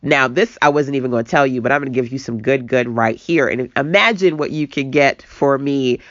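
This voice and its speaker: A woman coaching entrepreneurs in a casual online talk, animated and self-mocking, speaking straight to her viewers. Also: rumbling low, fairly quick, dry recording, dull audio. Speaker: business coach. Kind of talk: casual webinar teaching.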